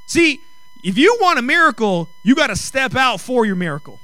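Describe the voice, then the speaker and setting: A man preaching a sermon, emphatic, rising to loud, drawn-out phrases on key lines. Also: extremely high pitch, sing-song, no room sound.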